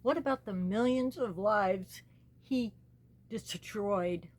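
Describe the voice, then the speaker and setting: Woman, channel host, earnest, pleading, very slow delivery, medium pitch. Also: a little mellow. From United States. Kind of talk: personal spoken commentary.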